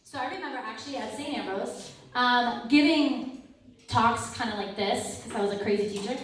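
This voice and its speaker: A young adult woman giving a lively storytelling talk, acting out the people in her stories and laughing often. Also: on the high side, normal speed. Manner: animated, acts out quoted people, laughs often. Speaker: speaker at a campus ministry talk. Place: hall at a university ministry center. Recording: very echoey hall, mic far off.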